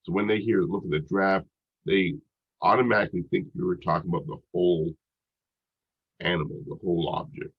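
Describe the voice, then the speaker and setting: A man's voice: sits low, brisk, husky. A congested man giving a recorded psychology lecture in a casual, rambling way, full of "like" and "you know.". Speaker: psychology instructor. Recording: dull lo-fi recording.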